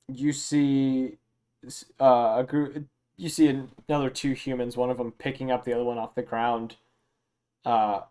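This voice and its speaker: A man narrating a tabletop game as game master, relaxed and loose, with many fillers. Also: mid-range voice.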